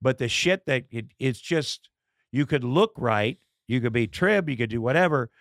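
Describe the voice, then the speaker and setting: A middle-aged man, a comedian and podcast guest, in casual chat, telling candid stories with halting fillers and acted-out dialogue. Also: medium pitch, expressive, dry recording, clean studio sound.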